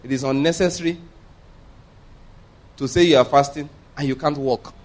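A man preaching a sermon, emphatic and repetitive, often pausing to ask the audience rhetorical questions. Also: fairly high pitch.

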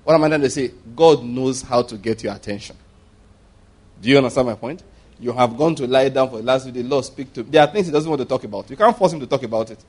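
A man preaching a sermon, animated and humorous, often restarting sentences and acting out the voices he quotes. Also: mid-range voice, fast.

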